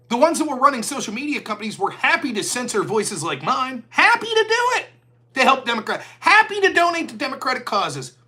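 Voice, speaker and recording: A man's voice: extremely high pitch, bright, forceful tone. A man hosting a political commentary live stream, reading viewer donations and mocking opponents sarcastically. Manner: sarcastic, mocking, mimics opponents in put-on voices. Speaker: political commentary show host.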